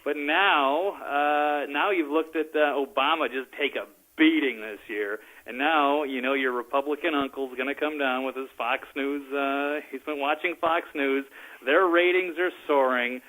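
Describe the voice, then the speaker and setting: A man calling in as guest co-host, talking politics with many fillers, pauses and chuckles. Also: on the high side, pushed and bright, rough recording. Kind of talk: casual political chat. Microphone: phone call.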